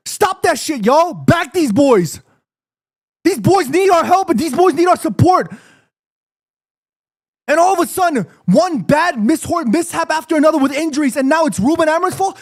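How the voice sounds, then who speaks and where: A man's voice: very high voice, lively intonation, moderate pace. A man ranting heatedly to his chat on a live football watchalong, swearing and defending his team. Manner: heated, ranting, profane, addresses chat directly. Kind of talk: live fan reaction stream.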